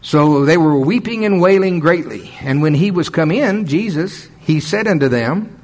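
A man's voice: fairly high pitch, measured pace, a little mellow. A man preaching a sermon in an emphatic, folksy way, chuckling often.

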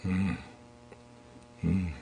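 A man's voice: sits low, completely flat delivery, drawn-out words, creaky, a crowd in the background. A man preaching a sermon in a folksy, conversational way, calling on the congregation to repeat after him.

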